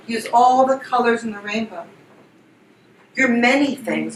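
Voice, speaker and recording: A woman facilitator leads a group through a guided exercise, repeating gentle questions and prompts. She is picked up from a distance in a roomy indoor space, with a faint hum of ambience behind her. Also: a little high, unhurried. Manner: repetitive, soothing coaching prompts. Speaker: workshop facilitator.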